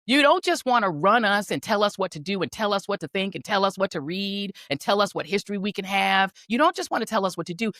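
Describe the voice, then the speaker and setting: A woman's voice: medium pitch, lively intonation, brisk, a bit bright, dry recording, clean studio sound. A woman delivering an impassioned political rant, fiery and rhetorical, hammering repeated phrases for emphasis. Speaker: political commentator.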